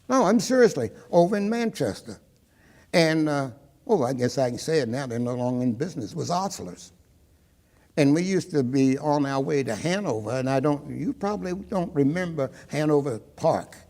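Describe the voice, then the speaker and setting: A man's voice: a little high, creaky, a little mellow, long reverb tail. An older man from Maryland, an interviewee recounting his personal history, who tells his story and often acts out the dialogue he remembers.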